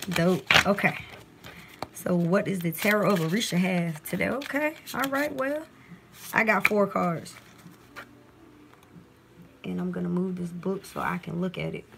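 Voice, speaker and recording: A woman's voice: mid-range voice, a bit bright, a little hiss or hum. A woman doing a casual, chatty live-stream tarot reading on her phone at home, partly reading aloud from a guidebook.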